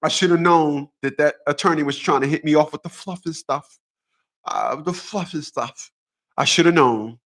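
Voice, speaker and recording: A man's voice: fairly high pitch, moderate pace, a bit bright. A man hosting his own channel, talking in a casual monologue. He is blunt and profane, and he repeats phrases over and over for emphasis. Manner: boxing talk, combative. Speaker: channel host.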